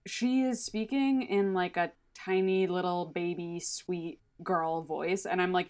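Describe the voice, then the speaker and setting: A woman co-hosting a podcast in casual chat, animated, swearing freely and laughing often. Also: fairly low pitch, unhurried, few pauses. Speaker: podcast co-host.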